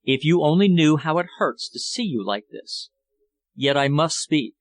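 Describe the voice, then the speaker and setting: A man's voice: a little high, lively intonation, measured pace, dry recording. A man voicing a passionate, scornful foreign suitor who speaks fervently and declaims his love. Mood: tender.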